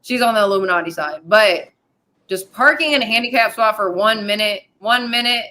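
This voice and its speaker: A woman's voice: medium pitch, brisk, bright, forceful tone. A woman hosting a casual online panel chat, defending herself and repeating words when pushed. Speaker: stream host.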